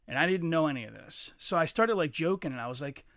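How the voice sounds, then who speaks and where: Bright, profane man telling a story. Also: on the high side, fast talker, no room sound, studio quality. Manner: profane, animated, mimics others mid-story. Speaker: podcast co-host. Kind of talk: casual storytelling.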